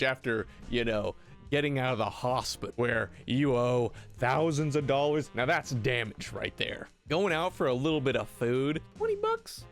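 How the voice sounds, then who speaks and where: A young man giving a comedic recap of an old TV episode, sarcastic and rambling, with sudden high-pitched outbursts. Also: animated, moderate pace, a bit bright, faint music behind. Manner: sarcastic, rambling, jumps up in pitch when ranting. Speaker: video commentator.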